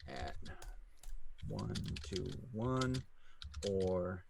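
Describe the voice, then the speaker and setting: A man narrating as game master, talking haltingly with many fillers and laughing easily, over a video call. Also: sits low, very animated, creaky, background noise.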